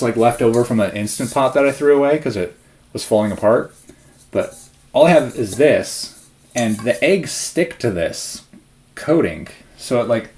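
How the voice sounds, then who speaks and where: A man's voice: medium pitch, slight background noise. A young man rambles through a casual vlog in a plain mid-range voice. He sounds a little winded and keeps wandering into side stories. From Spokane area, US Pacific Northwest. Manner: rambling, self-interrupting, chatty. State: slightly out of breath. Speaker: vlogger.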